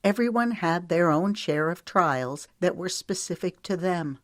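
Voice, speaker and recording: A woman with a low voice reads an audiobook, narrating steadily and giving the characters' lines small shifts. The sound is dry and close, with no room around it. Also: expressive, unhurried, dry recording. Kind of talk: scripted narration.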